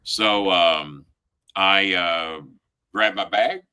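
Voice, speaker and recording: A man with a lowish, forceful voice hosts a talk show and tells a story in blunt, heated bursts. He swears constantly and pushes hard on key words, building emphasis as the story goes on. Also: drawn-out words, clear, resonant tone. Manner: relives the story with rising emphasis. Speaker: show host. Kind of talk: profane storytelling chat.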